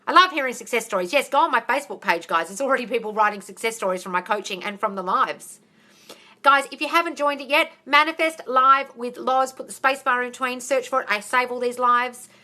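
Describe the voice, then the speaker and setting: A woman answering viewers' questions on a live phone stream, talking fast and bluntly, swearing and calling everyone darling. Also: on the high side, bright, forceful tone. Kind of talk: casual live Q&A.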